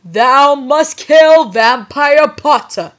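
Woman doing a slow dark lord baddie, fake old english, muffled lo-fi sound. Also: high-pitched, expressive, pitched above the performer's own voice, exaggerated voice. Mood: commanding. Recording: dull lo-fi recording.

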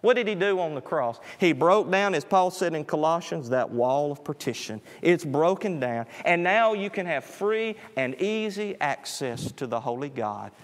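A man preaches a sermon in a church, and the long reverb of the room trails after each phrase. His voice sits a little high for a man. He climbs in pitch and volume on his appeals, then sinks low and quiet on his closing words. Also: animated, moderate pace, hardly any pauses. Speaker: pastor.

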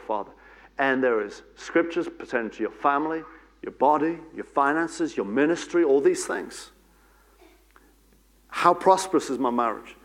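A man preaching a church sermon as pastor, repeating key phrases and breaking into fervent prayer and declarations. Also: mid-range voice. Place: church service.

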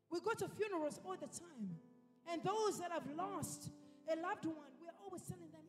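Woman preacher, very high voice, emphatic repetitions, reverberant hall. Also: expressive, normal speed. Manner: emphatic, repeats phrases for effect. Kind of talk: sermon. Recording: reverberant hall with faint music.

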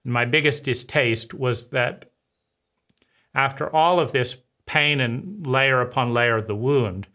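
A man speaking in a personal testimony, his voice at a middling pitch. He talks bitterly and intensely, stopping and repeating words as he works through painful memories. The delivery sounds unscripted and heavy. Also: sharp tone. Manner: bitter, intense, with halting pauses and repetitions. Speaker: trauma survivor speaking to camera.

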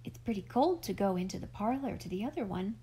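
A woman's voice: medium pitch, expressive, fast talker, mellow, breathy edge. A woman voicing a motherly older farm woman, teasing and no-nonsense, in an audiobook. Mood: musing. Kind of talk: audiobook character reading.

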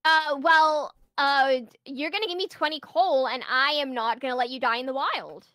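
Chatty, excitable woman guest, high and bright, explains as she plays. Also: normal speed, no room sound. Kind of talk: casual chat while gaming.

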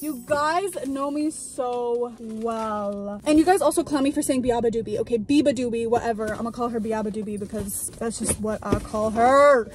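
A woman's voice: a little high, normal speed, few pauses, noisy background. A young woman narrating a day-in-my-life vlog, bubbly and chatty with trendy slang and frequent laughs. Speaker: vlogger. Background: music.

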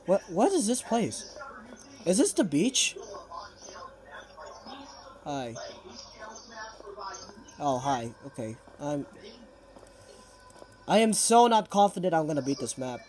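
A man's voice: fairly high pitch, big pitch swings, slow, pauses often, darkish tone. Young male gamer, nervous running commentary, sudden panicked yelps, casual delivery. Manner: jittery, frequent panicked outbursts. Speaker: game player.

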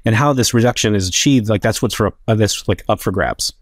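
A man's voice: lowish voice, a little fast, dry recording, clean studio sound. A man making a philosophical case in a debate, talking casually with many filler words. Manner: casual, filler-heavy with frequent "like". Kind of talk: academic debate argument.

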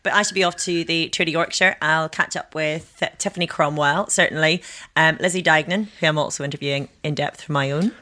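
A woman's voice: low voice, steady tone, a little fast, bright, forceful tone. A woman co-hosting a podcast in casual, playful chat. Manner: playful, laughs easily. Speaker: podcast co-host.

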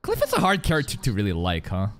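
A man's voice: on the low side, wildly swooping pitch, fast. A man giving casual, sarcastic reaction commentary on an anime episode, swearing freely and talking to his viewers.

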